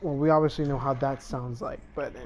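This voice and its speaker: A man's voice: medium pitch, steady tone, brisk, background noise. A man hosting a casual gaming chat, rambling and sliding into Spanish and Portuguese phrases. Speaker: channel host.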